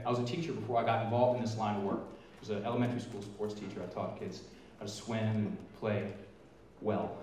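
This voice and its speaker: A middle-aged man giving an energetic, emphatic presentation as a featured speaker, stretching out key words for effect. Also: mid-range voice, slight background noise. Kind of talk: live motivational presentation. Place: large event hall. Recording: echoey hall from far off.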